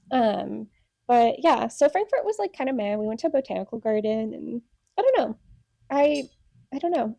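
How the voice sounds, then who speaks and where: A young woman co-hosting a casual podcast from home. She rambles through a story, full of fillers and little laughs, in a fairly high, mellow voice. The sound is close and dry, with no room around it. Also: creaky, no room sound. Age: 20s. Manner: rambling, chatty, lots of "like" and laughs. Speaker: podcast co-host. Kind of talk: casual chat. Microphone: podcast mic.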